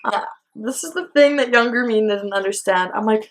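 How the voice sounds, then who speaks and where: A woman's voice: fairly high pitch, moderate pace. A young woman vlogger telling a storytime in a chatty way, full of fillers and "like". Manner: chatty, filler-heavy, lots of "like". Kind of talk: casual storytime.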